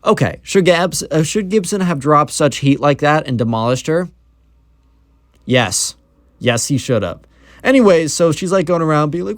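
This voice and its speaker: A man's voice: medium pitch, lively intonation, moderate pace, clean tone, no room sound, clean studio sound. Rambling young man telling a story. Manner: rambling, lots of fillers and asides. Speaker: YouTube storyteller. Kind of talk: casual storytime narration.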